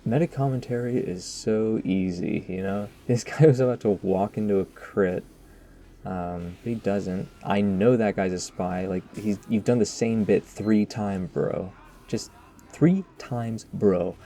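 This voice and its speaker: A man's voice: fairly low pitch, measured pace, mellow, a little hiss or hum. A man giving casual, rambling post-game commentary over his own gameplay, joking at his own expense and tossing asides to viewers. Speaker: gaming commentator.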